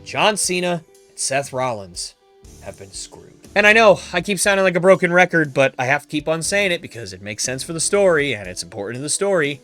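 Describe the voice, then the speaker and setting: A male podcast host narrating a wrestling storyline in an animated, emphatic way. His somewhat high voice rises and falls a lot, with faint music playing underneath. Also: a little fast.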